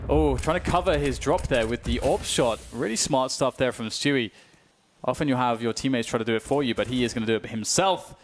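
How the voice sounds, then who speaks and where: Excitable British play-by-play caster. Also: male voice, mid-range voice. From United Kingdom. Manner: fast, climbing to excited shouts on big plays. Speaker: esports caster. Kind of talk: play-by-play commentary. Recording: clear background noise.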